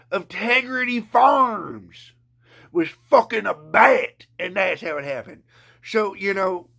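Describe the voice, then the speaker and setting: A man from Canada rants straight to camera in a rambling, foul-mouthed way, often stammering and restarting his sentences. His voice sits a bit high for a man and sounds bright and forceful. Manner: profane, rambling, stammering rant. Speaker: vlogger.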